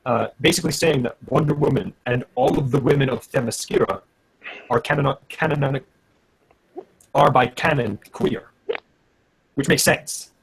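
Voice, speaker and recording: A man with a gravelly, very husky voice talks with friends on a live video chat. He chats casually and is eager to share his opinions. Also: mid-range voice, moderate pace, long pauses, poor audio. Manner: talkative, shares news and opinions. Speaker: guest. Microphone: home computer mic on video call.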